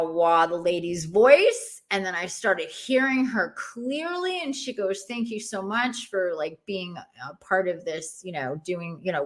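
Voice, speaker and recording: A woman in her forties, appearing as a podcast guest, recounts a personal story casually and expressively, imitating the voices she heard. Her pitch sits in the middle range.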